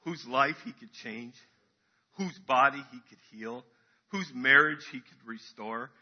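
Husky man preaching casually in church. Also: mid-range voice, measured pace, muffled recording. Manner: casual, chatty preaching with fillers and acted-out crowd voices. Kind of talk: sermon.

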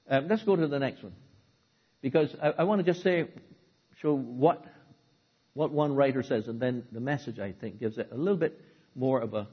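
A man preaching a sermon, who swings from loud, dramatic outbursts to low, hushed asides. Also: lively intonation, moderate pace, breathy edge, dull audio.

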